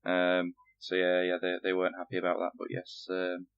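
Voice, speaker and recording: Deep-voiced Northern English man chatting. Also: monotone, fairly quick, clean tone, dull audio. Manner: rambling, repeats himself, many fillers. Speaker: podcast co-host. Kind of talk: casual podcast chat.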